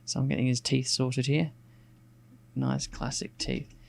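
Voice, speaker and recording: A man with an Australian accent, softened by some English RP, chats casually and rambles aloud while sketching on a live stream, with plenty of fillers and restarts. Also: medium pitch, a little slow, creaky. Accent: Australian, with some English RP picked up. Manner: relaxed and rambling, thinking aloud with many fillers. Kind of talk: casual narration while drawing.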